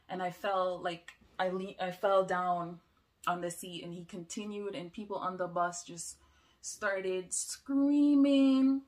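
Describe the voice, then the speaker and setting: A young woman telling a personal story in an emotional, halting way. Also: on the low side, a little mellow. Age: young adult.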